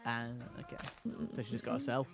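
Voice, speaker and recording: An English man chatting casually on a call, playful and quick to try silly voices and accents. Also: mid-range voice, level tone. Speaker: streamer guest. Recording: faint music behind.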